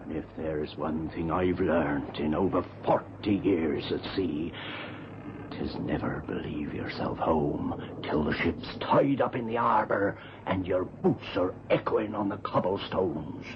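An actor playing a superstitious old ship's carpenter, a gentle giant who speaks slowly and solemnly with archaic turns of phrase. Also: male voice, medium pitch, lively intonation, dull audio, background noise. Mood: solemn warning. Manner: slow, solemn, warning tone with archaic 'tis.

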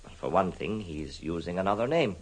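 An actor playing an anxious, formal gentleman worried about his look-alike cousin, in an old radio drama. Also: low voice, expressive, brisk, slightly rough, low-quality recording. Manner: hesitant, earnest, formal. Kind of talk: 1950s radio drama acting.

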